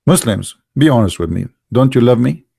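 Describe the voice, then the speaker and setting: A man's voice: mid-range voice, expressive, brisk, creaky, warm tone, breathy edge, dry recording. Sarcastic man, dry close sound. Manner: incredulous, sarcastic; speaks English as a second language. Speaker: online religion critic. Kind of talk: mocking commentary on a text.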